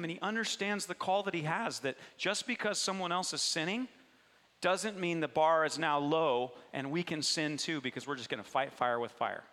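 Male pastor, high voice, sermon, conversational questions to the congregation, long hall reverb. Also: pushed and bright. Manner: conversational, asks the audience questions. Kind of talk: preaching sermon.

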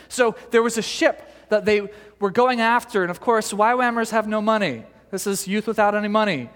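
This sermon comes from a male pastor whose voice sits high, with a long reverb tail trailing his words. He tells stories animatedly, restarting often and using many fillers, and jokes gently with the congregation.

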